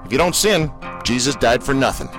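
A man's voice: medium pitch, lively intonation, fairly quick, loud music behind the voice. A man hosting a radio show in a studio, talking in a jokey, rambling, self-mocking way. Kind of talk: casual radio chat.

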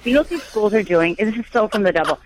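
A woman in her thirties, a comedian guest telling sarcastic, rapid comic stories on a radio show. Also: mid-range voice, animated, noisy background.

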